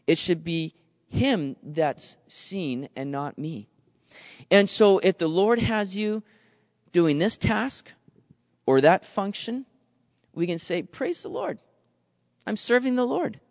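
A man with a high voice preaches a lively, conversational sermon and keeps slipping into the grumbling voices of the people in his story. He talks straight to his listeners and calls them guys. The recording is dry and a little dull. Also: slow, long pauses, no room sound, long reverb tail. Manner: animated, acts out quoted grumbling voices. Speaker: pastor. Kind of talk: expository sermon.

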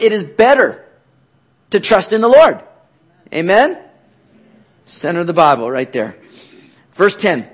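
A man preaching a sermon, asking rhetorical questions and rising to near-shouts. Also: high-pitched. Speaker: pastor.

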